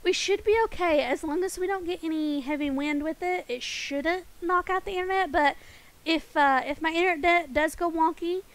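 A woman's voice: very high-pitched, moderate pace. A young woman streaming a game, chatting casually and rambling to her viewers with giggles. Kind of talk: casual live-stream chat.

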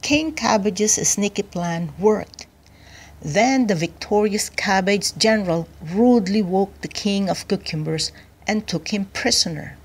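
Slow, clear woman reading a bedtime story. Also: medium pitch, animated. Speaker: children's book reader. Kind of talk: bedtime story read aloud.

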